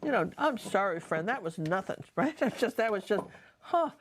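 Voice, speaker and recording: A woman's voice: medium pitch, big pitch swings, normal speed, a little hiss or hum. A middle-aged woman painting and telling stories from her life in a chatty, digressive way, talking straight to the viewer. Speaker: painter and storyteller. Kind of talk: casual storytelling while painting.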